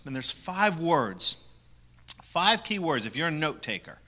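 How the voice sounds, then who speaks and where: A man preaching a sermon as pastor, repeating key words for emphasis and moving between loud stresses and soft asides. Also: medium pitch.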